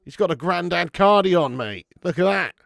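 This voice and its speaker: A young man with a gravelly, fry-edged voice hosts a live football stream and reads out the chat. His pitch jumps up and down as he talks, casually and with plenty of swearing. The recording is dry and close, with no room sound. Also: expressive, normal speed, fairly bright tone, no echo. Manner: swears freely, laughs often, calls viewers mate. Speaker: watch-along host reading live chat.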